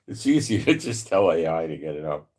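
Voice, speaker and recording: A man with a New York accent giving casual Bible prophecy commentary, rambling a little, chuckling often and reading verses slowly and deliberately. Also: extremely low pitch, big pitch swings, darkish tone. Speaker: Bible prophecy channel host. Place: home in Israel.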